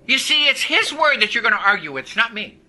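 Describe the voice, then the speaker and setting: A man's voice: very high voice, sing-song, fast, pushed and bright, soft background music, poor audio. A man preaching a sermon to a congregation, speaking emphatically and calling out for their responses.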